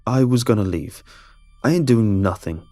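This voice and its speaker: A man's voice: lowish voice, animated, warm tone, dry recording, faint music behind, close to an everyday voice. A man voicing a rambling local drunk who slurs and stammers his words. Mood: defensive. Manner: slow, slurred, stammering mumble.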